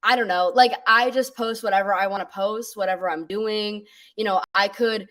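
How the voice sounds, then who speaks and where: A young woman, an actress guest on an interview show, answering in a relaxed, casual way full of "like" and "you know.". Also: mid-range voice, normal speed, far from the mic.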